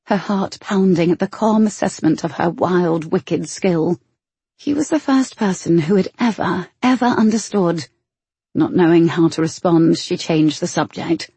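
A woman reads a novel aloud in a measured, expressive way. Her voice sits low and husky with a mellow, dark color, and the recording is close and dry. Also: dry recording. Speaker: audiobook narrator. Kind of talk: scripted narration.

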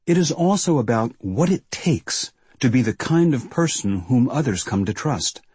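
A man reading a book's preface in a formal, measured way. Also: mid-range voice, lively intonation, darkish tone, slightly rough, dry recording. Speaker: reader of the authors' preface. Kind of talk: scripted narration.

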